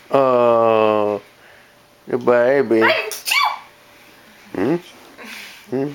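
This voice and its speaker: A man's voice: mid-range voice, animated, takes it slowly, pauses often, fairly bright tone. A man filming his small children at home, coaxing them to dance and make animal sounds, laughing often. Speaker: father filming his toddlers. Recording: noisy home video recording.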